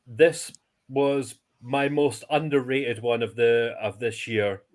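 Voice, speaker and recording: A man's voice: mid-range voice, steady tone, slow. A man co-hosting a casual podcast, hesitant with fillers as he talks. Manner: hesitant, lots of fillers and restarts. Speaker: podcast co-host. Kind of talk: casual chat.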